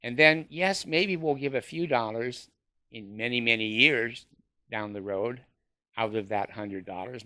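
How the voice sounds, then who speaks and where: Sarcastic man with a bright, dry voice. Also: medium pitch, unhurried, dry recording. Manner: sarcastic, mocking laughs, hesitant fillers. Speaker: former church member ranting to camera. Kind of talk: sarcastic monologue.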